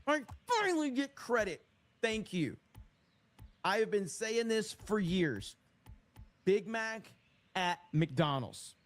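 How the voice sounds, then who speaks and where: A man with a fairly high voice hosting a livestream, reading viewer messages aloud. He answers them in a loud, emphatic, mock-outraged way, as if he has been wronged. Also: no room sound. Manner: emphatic, mock-indignant ranting; reads viewer comments aloud. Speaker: streamer. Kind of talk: livestream chat reading and banter.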